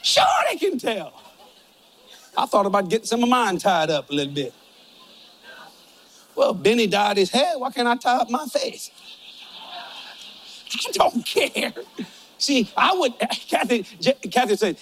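An older man preaching with a high-pitched voice, mixing jokes and folksy stories into his sermon. Faint noise sits behind him. His delivery stays loose and conversational. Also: very animated, unhurried, long pauses, fairly bright tone. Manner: folksy, joking, storytelling. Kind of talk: humorous sermon.

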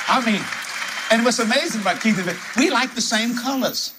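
A man from New preaching a sermon full of stories, animated and laughing as he talks, jumping to high exclamations. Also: fairly quick, over a noisy crowd, heavy background noise. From New Orleans.

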